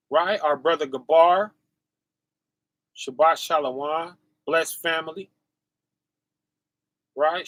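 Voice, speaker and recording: High-voiced, bright preacher man, slow talk. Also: no room sound. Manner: preachy, animated, calls out to viewers, laughs often. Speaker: preacher and livestream host. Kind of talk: casual livestream sermon.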